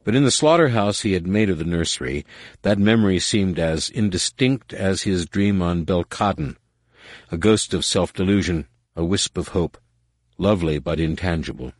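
A man reading a dramatic story as narrator, measured, with slow emphatic pauses. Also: sits low, no room sound, clean studio sound. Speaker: audiobook narrator. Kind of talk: scripted narration.

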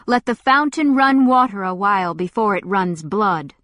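A woman's voice: medium pitch, lively intonation, normal speed, a bit bright, no echo, studio quality, lightly acted. A woman voicing a coldly controlled lord. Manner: cold, controlled. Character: stern older male lord, mild turning coldly angry.

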